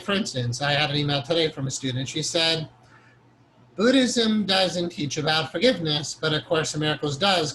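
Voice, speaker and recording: A man's voice: a little high, bright, forceful tone, a little hiss or hum, rough recording. A man teaching a meditation course in an informal, rambling lecture style, earnest and conversational with frequent self-corrections and an occasional chuckle. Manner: earnest, chuckles now and then.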